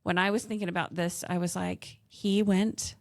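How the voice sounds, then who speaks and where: A woman's voice: on the low side, fairly even intonation, moderate pace, creaky, a little mellow, no room sound, studio quality. A woman with a Southern American accent hosting a faith-based podcast, speaking in an earnest, encouraging way. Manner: earnest, encouraging, giggly in bloopers. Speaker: podcast host. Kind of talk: casual podcast chat with faith reflection.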